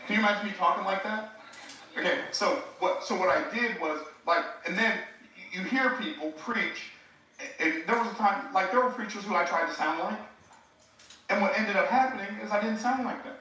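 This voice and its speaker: A preacher gives a live teaching talk in a bright, forceful voice, chatting directly with his audience. The sound is very roomy. It is picked up from a distance. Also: sits high, normal speed, a little hiss or hum. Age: 60s. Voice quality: conversational, addresses the audience directly. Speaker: preacher and speaking coach.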